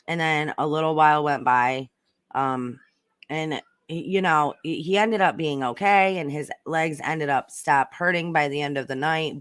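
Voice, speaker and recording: A woman with a low-sitting, fairly bright voice hosts a casual livestream, rambling as she chats and reads out viewer comments while swearing freely. The sound is dry and of studio quality.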